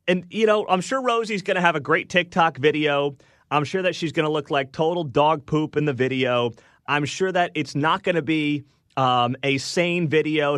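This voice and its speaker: Brash, sarcastic talk radio host. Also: male voice, a little high, a bit bright, no room sound, clean studio sound. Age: young adult. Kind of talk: morning talk radio commentary. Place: radio studio. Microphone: studio microphone.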